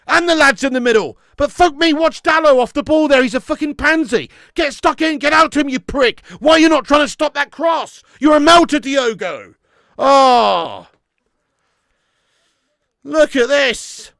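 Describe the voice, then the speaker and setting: A man hosting a live football watch-along, shouting at the players, swearing freely and chatting with viewers. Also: very high voice, measured pace, no echo, clean studio sound. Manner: excitable, sweary, shouts at the screen; reads out and answers viewer chat. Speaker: watch-along streamer host.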